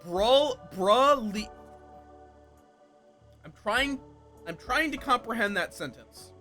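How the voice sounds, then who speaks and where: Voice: medium pitch, lively intonation, takes it slowly, pushed and bright, faint music behind. A streamer giving casual, enthusiastic live commentary over a game and playfully trying out silly voices.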